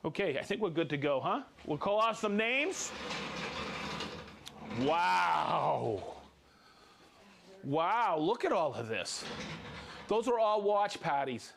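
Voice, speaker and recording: High-voiced chatty man hosting a live show. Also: very animated, slow, gravelly, pauses often, noisy background. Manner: chatty and upbeat, calls out viewer names. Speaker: show host demonstrating tools. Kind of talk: casual live-stream chat and demonstration.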